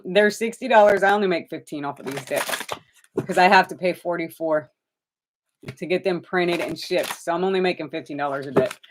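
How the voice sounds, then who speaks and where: Woman doing live tarot readings, kinda low voice, chatty, calls ppl honey. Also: a little hiss or hum. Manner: chatty, talks straight to viewers by name, calls them honey. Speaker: tarot reader.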